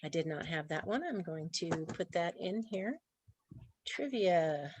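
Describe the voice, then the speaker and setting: A woman's voice: lowish voice, animated, measured pace, no room sound. A woman presenting an online training talk in a chatty way, laughing often. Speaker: workshop presenter.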